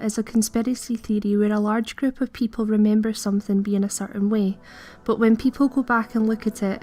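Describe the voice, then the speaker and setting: A woman's voice: mid-range voice, dark tone. A woman, reading scripted narration in an earnest, puzzled way. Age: early 20s. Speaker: video creator.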